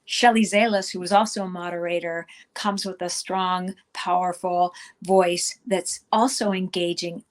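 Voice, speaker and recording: A middle-aged woman giving a virtual conference talk, speaking conversationally with frequent fillers and restarts. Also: on the low side.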